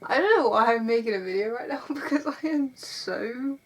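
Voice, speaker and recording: A woman's voice: a little high, expressive, moderate pace. A woman, vlogging in a rambling, self-mocking way from an airbed in her bedroom. She is burnt out and tearful, and laughs often. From England. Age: 20s. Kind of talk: casual confessional vlog.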